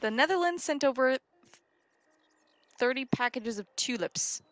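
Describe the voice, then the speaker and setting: A woman's voice: high voice, expressive, a little slow, fairly bright tone. A woman co-hosting a casual game livestream, playful and teasing as she reads chat aloud. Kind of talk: casual gaming stream chat.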